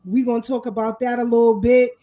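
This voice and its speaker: A woman hosting a casual live talk show, animated and fired up, greeting her viewers with shout-outs. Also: fairly high pitch, quick pace, low-quality recording. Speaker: host.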